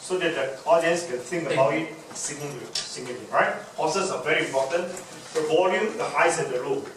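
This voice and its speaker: A man teaches a public speaking workshop in an emphatic, demonstrative way, his voice sitting somewhat high for a man. He is recorded from a distance in a very echoey room, and clear background noise hangs under his speech. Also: moderate pace. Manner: emphatic, demonstrative, repeats key words.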